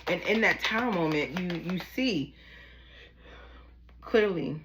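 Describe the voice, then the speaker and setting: A woman with a Baltimore accent and a voice pitched a little low. She chats through a tarot reading like she's talking to friends, loose and familiar, calling everyone "y'all" and "baby.". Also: animated, slow, a bit bright. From Baltimore, USA. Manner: chatty and familiar, calls listeners "y'all" and "baby". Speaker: tarot reader. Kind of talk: casual tarot reading to camera.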